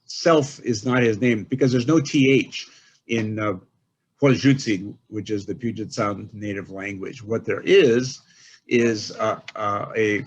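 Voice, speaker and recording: Husky older man lecturing over a call. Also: on the low side, a little slow. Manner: explanatory, careful, with many hesitations. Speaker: guest speaker. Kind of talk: webinar lecture. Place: at home. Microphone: home computer mic on a video call. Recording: dull lo-fi call audio.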